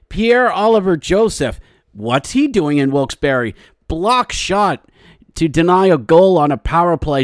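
A man hosting a podcast, giving a casual, jokey hockey recap that turns into excitable play-by-play. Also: on the high side, dry recording, clean studio sound. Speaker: podcast host.

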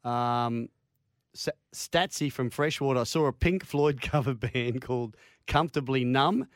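Man, radio co-host, medium pitch, dry mic, teasing anecdotes. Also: measured pace, no echo. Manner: teasing storyteller, quotes others. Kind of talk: casual radio banter.

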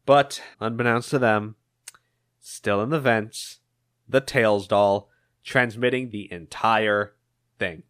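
A man in a casual podcast recaps a comic story in a loose, chatty way, adding small asides as he goes. His voice is mid-pitched and notably bright. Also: takes it slowly, no room sound, clean studio sound. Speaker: podcast co-host.

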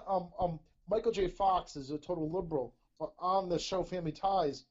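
A man's voice: high-pitched, normal speed. A middle-aged man from Rhode Island hosting a casual podcast chat, rambling, repeating himself and checking in with "okay?". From Rhode Island, USA. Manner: rambling, repeats words and says "okay?" often. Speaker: podcast host. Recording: dull lo-fi audio.

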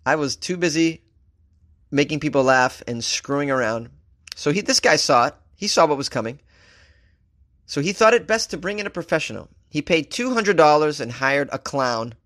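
Telling a story on his comedy talk show, this podcast host keeps the tone loose and jokey. He cracks himself up at his own gags, his voice jumping around in pitch with animated energy.

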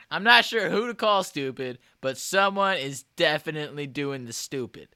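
A male co-host with a bright, sharp voice and lively swings in pitch, throwing out blunt, jokey one-liners in a loose chat. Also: moderate pace, smooth. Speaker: podcast co-host. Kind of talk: casual chat.

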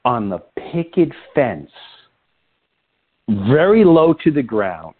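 A man hosting a podcast, telling an animated story full of quoted dialogue in an excited, breathless way. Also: medium pitch, slow, breathy edge. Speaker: podcast host. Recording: tinny phone-line sound.

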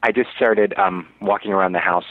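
Low-voiced man rambling through a story. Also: fairly even intonation, a little fast, dry recording. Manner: rambling, with many fillers and restarts. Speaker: actor, interview guest. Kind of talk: casual storytelling in an interview. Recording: dry, tinny, phone-like radio audio.

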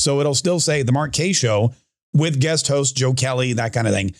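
A man's voice: mid-range voice, moderate pace, no echo, studio quality. A man hosting his own podcast, talking casually and rambling a little as he opens with news and opinion. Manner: chatty, rambling, with frequent restarts and asides. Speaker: podcast and radio host. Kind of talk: casual political monologue.

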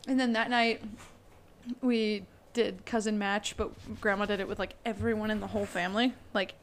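A woman in her twenties, a podcast co-host, telling family stories in casual chat, animated and laughing often as she acts out quotes. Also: mid-range voice, moderate pace, slight background noise.

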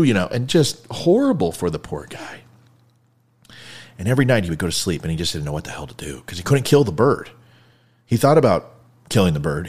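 A man hosting a show, telling a story in a casual, jokey way, swinging between loud bursts and quiet asides. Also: lowish voice, slightly rough. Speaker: host.

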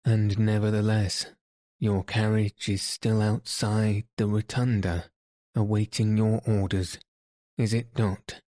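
A man's voice: lowish voice, level tone, takes it slowly, mellow, dry recording, studio quality. A man voicing a smug, self-satisfied police commissary who questions and lectures in a pointed way. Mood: questioning.

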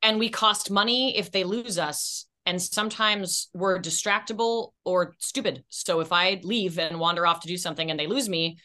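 A woman's voice: on the low side, normal speed, few pauses, bright, forceful tone. A woman actress as a podcast guest, telling candid, self-deprecating stories in casual chat.

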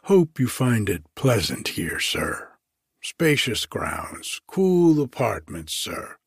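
Obsequious prison cook, male, husky and slow, raised a little in pitch, read by a man. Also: sing-song, dry recording, studio quality, full character voice. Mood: fawning. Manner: obsequious, gossipy, drawn-out.

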